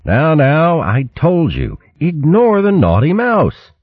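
A man voicing a steady young warrior mouse who speaks calmly and firmly. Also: a little high, slow, husky, no echo, narrow, tinny audio, pitched above the performer's own voice, full character voice.

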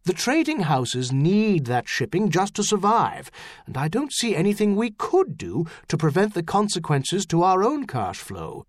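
A man's voice: sits high, wildly swooping pitch, unhurried, no room sound, pitched above the performer's own voice, heavily acted. A man reading an audiobook, voicing a pious, earnest treasurer who explains things urgently. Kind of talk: audiobook character voice.

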